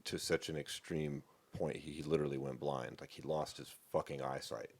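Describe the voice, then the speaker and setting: A man's voice: very deep voice, level tone, moderate pace. A man co-hosting a sports podcast, talking in a laid-back, chatty way and swearing freely. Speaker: podcast co-host. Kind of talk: casual chat.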